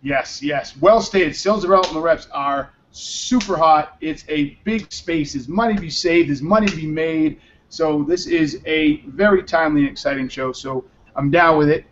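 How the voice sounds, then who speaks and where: A man's voice: a little high, moderate pace, a little hiss or hum. A man hosting a casual live talk show, exhausted from little sleep, talking in a rambling, blunt way with the odd swear word. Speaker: show host. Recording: muffled lo-fi audio.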